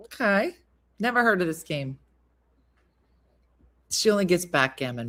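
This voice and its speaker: Female stream host, casual chat, storyteller, quick to laugh. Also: on the low side, very animated, fairly bright tone. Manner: chatty storyteller, laughs often. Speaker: live-stream host reading viewer comments.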